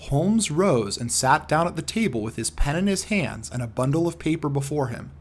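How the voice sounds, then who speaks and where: A man narrating a classic detective story in a steady, unhurried reading, with a husky voice. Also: a little high. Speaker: audiobook narrator.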